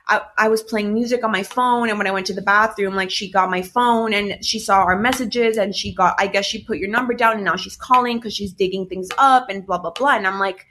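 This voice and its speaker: A young woman recounting a messy personal story in a loose, chatty way. She talks casually, leans on "like" fillers and swears often, in a voice of middling pitch for a woman. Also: brisk. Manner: animated, swearing, many "like" fillers. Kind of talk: casual chat.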